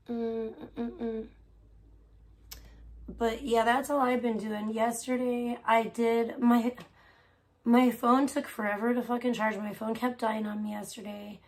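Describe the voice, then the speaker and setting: A woman chatting casually on a live stream, rambling and distracted while she tidies up and swears offhandedly. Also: medium pitch. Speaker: livestreamer.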